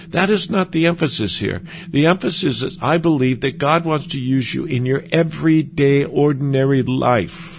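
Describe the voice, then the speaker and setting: A man's voice: medium pitch, vocal fry, a little hiss or hum. A man giving an earnest, conversational sermon as a preacher, often stumbling and restarting his sentences. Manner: earnest, halting with frequent restarts.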